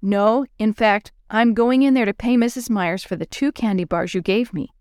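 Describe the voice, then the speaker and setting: A woman's voice: medium pitch, moderate pace, darkish tone, clean tone, no echo, studio quality, close to an everyday voice. A woman voicing an earnest, honest young schoolboy in a storybook reading. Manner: earnest, plain storybook dialogue.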